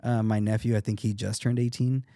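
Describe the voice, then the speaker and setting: A man's voice: lowish voice, flat delivery, fairly quick, dark tone, dry recording, clean studio sound. A man in his thirties, a podcast guest, talking earnestly and reflectively, often restarting his sentences. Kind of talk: casual interview talk.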